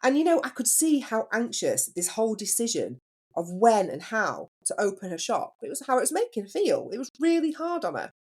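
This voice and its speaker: A woman's voice: on the high side, wildly swooping pitch, brisk, darkish tone, slightly rough. A woman hosting a solo podcast as a business coach, telling a story in a chatty way and putting questions to the listener.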